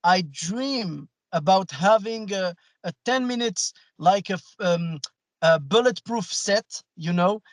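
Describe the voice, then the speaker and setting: Halting French-accented man, high voice. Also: expressive, no echo. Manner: halting, searching for words, many fillers. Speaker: podcast host. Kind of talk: casual interview chat.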